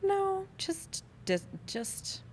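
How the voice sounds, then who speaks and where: A woman's voice: very high voice, sing-song, drawn-out words, darkish tone, a little hiss or hum. A woman co-hosting a podcast from a studio, chatty and teasing, laughing often. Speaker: podcast co-host. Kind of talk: casual chat.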